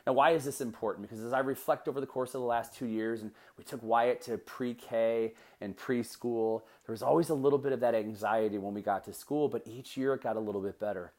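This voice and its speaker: A man's voice: mid-range voice, darkish tone. Earnest male motivational podcast host. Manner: earnest, storytelling, builds to emphatic encouragement.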